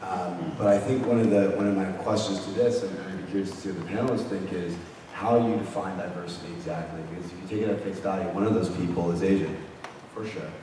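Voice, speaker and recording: A man moderating a panel, brisk and affable, calling on questions and explaining things. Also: low-pitched, fairly even intonation. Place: large convention hall. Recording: echoey hall from far off, noisy.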